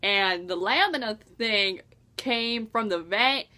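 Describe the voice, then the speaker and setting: A young woman excitedly reviewing a book in a casual vlog, gushing and acting out her own reactions. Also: medium pitch, slow. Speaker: book vlogger.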